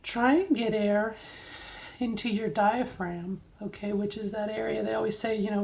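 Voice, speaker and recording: A woman's voice: mid-range voice, normal speed, creaky, darkish tone. A middle-aged woman casually coaching viewers through voice drills, checking in with frequent "okay?"s. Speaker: vlogger giving voice training tips. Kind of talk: casual instructional vlog.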